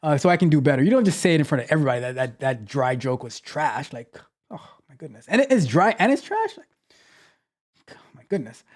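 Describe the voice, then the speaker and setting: Here a man with a slightly high voice talks fast and with lots of animation as he hosts a tech livestream. He playfully reads and teases viewer comments in casual, loose chatter, frequently repeating himself.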